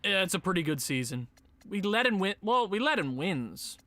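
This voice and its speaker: Young male gaming commentator, excitable, bright lively voice, dry close mic. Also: high voice, normal speed, dry recording. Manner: excitable, swings from muttering to shouting. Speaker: gaming YouTuber. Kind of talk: casual game commentary.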